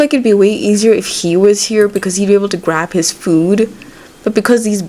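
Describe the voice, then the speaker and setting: A woman's voice: mid-range voice, a little fast, dark tone. A woman giving casual, rambling let's-play commentary as she plays, swearing freely and talking to her game characters. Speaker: gaming video creator.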